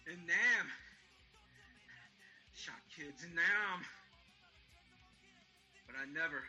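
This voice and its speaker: A man's voice: a little high, sharp tone, dull audio, heavily acted. A man playing a drunk, weeping aging male vigilante who rambles and stammers in a fan audio drama. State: crying.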